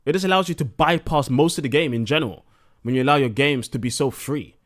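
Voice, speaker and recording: A man's voice: mid-range voice, quick pace, fairly bright tone. A young man streaming live, talking a little drunk with slightly slurred words and ranting bluntly with plenty of swearing.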